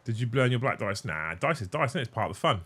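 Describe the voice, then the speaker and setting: A man hosting a casual livestream, swearing freely, getting excitable and thanking viewers by name. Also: medium pitch, quick pace. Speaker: livestream host.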